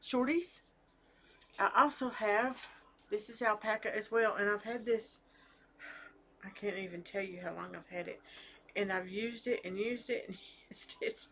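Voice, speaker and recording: A middle-aged woman talks casually about her knitting at home, rambling a little with fillers and restarts. Her voice sits at an ordinary pitch, with a faint hiss of room noise behind it. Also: steady tone, unhurried, long pauses, bright, forceful tone. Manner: chatty, hesitant, with fillers and restarts. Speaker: knitting vlogger. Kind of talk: casual chat to camera. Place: home with family talking in the background.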